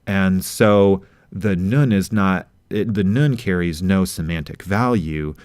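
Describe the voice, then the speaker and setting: A man explains grammar in a measured, deliberate way, pausing over each example he reads. His voice sits very low and his pace is unhurried. The recording is dry, with no room sound. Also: a little mellow, smooth, no room sound. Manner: measured, explanatory, reads out Hebrew verses slowly. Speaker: teacher. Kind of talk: grammar lesson narration.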